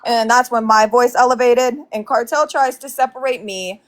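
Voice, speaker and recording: A woman's voice: fairly high pitch, normal speed. A woman casually recounting a heated fight with many fillers and restarts. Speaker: guest telling her side.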